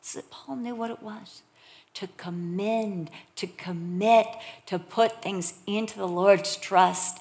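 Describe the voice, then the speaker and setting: Middle-aged woman, preacher, sermon, animated storytelling, loud emphasis, hushed whispers. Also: mid-range voice, slow pace.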